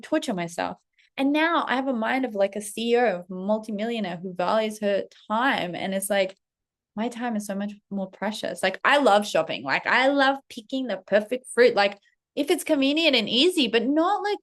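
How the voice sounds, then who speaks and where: A woman telling a casual story in a vlog, animated and swearing constantly as she acts out her own reactions. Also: on the high side, moderate pace. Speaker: vlogger, self-leadership coach. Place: Paris.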